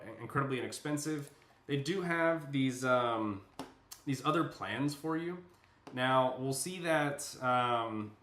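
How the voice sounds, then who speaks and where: Chatty man with a bright, echoey voice. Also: medium pitch. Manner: loose and chatty, many fillers, thinks aloud. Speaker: software demo presenter. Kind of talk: casual screen-share product walkthrough. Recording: echoey room.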